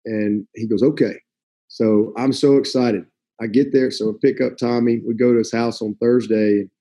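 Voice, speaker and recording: Mellow husky man telling a story. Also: mid-range voice, moderate pace. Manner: animated, acts out quoted voices. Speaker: college football coach. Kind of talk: casual storytelling.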